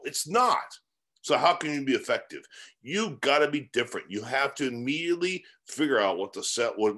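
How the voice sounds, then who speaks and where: Animated, rambling man coaching. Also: medium pitch. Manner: rambling, many fillers and rhetorical questions. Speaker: real estate mentor. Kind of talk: casual motivational teaching.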